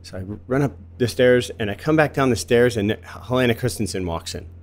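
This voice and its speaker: A man in his fifties from Florida, a guest telling relaxed stories in casual conversation. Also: mid-range voice, fairly quick. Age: 50s. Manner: relaxed and chatty, laughs easily while telling anecdotes.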